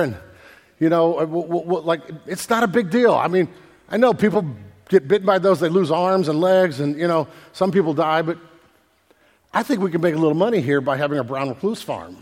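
Animated high-voiced preacher, hall reverb. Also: male voice. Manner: casual, animated preaching with slang and acted-out voices. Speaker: pastor. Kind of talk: sermon.

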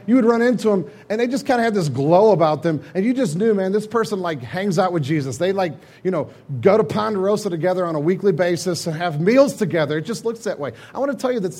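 A man preaching in a relaxed, storytelling manner, his voice pitched fairly high with a husky, breathy edge. He slips into quick, lively retellings of old stories as he talks to his congregation. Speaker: pastor. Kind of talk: sermon.

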